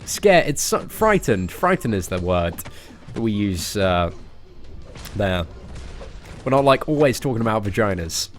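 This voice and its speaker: A man's voice: on the low side, big pitch swings, measured pace, pauses often, soft background music. A British man streaming a game live, chatting casually with viewers in a playful, joking way and laughing often.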